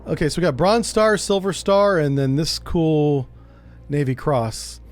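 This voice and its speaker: A man streaming a game, chatting casually and joking as he thinks out loud. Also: fairly high pitch, lively intonation, measured pace, soft background music. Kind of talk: casual gameplay commentary.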